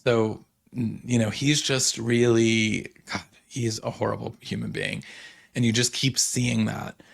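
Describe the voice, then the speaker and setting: Steady in tone, with a creaky mid-range voice, this young podcast host gossips through a reality TV recap. He rattles off quick paraphrases of what people said, leaning heavily on "like" and "you know."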